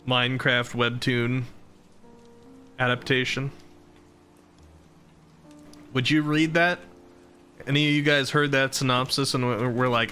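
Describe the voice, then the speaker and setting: Male streamer, chatty and laughing, talks to viewers; bright, punchy tone, soft music underneath. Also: mid-range voice, fairly even intonation, measured pace, pauses often. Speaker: VTuber streamer. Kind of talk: casual live-stream chat.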